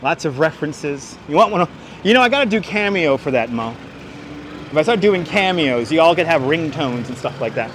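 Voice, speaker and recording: A man's voice: a little high, animated, a little fast, fairly bright tone. A man hosting a walking livestream outdoors, chatting with viewers by name and telling street history through a clip-on mic. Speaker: livestream host and city walking guide. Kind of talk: casual walking tour livestream. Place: outdoors on busy city streets. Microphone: wireless clip-on mic. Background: faint street traffic.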